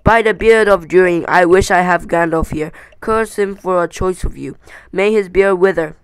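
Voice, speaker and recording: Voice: mid-range voice, normal speed, smooth, no room sound, natural voice. A reader voicing a furious proud dwarf king. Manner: shouting, stumbling over words.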